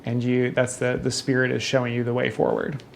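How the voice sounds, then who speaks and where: A man runs a tabletop game, his voice gravelly and sitting at an ordinary middle pitch. He narrates in halting stretches full of fillers and restarts, over a faint bed of background noise. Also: monotone. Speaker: game master.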